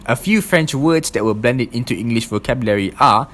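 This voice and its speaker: A man's voice: mid-range voice, very animated, normal speed, hardly any pauses. Young man reading a class presentation. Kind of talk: read-aloud class presentation.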